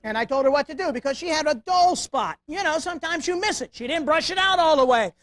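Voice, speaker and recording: Fast, animated male speaker. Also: extremely high pitch. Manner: animated storytelling, rhetorical questions to audience. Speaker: security awareness speaker. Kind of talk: live lecture with humor. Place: meeting room before live audience.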